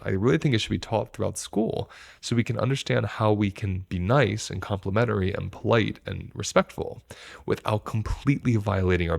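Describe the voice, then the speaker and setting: A man's voice: fairly low pitch, creaky. A man teaching about stress responses to camera, reflective and earnest, explaining with everyday examples from his own life. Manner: earnest, speaks from personal experience.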